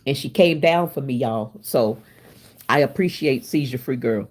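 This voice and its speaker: A woman's voice: extremely low pitch, normal speed, darkish tone, slightly rough. A woman in her fifties hosting her own channel, chatting casually and straight to her viewers, laughing often as she talks. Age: 50s. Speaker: channel host.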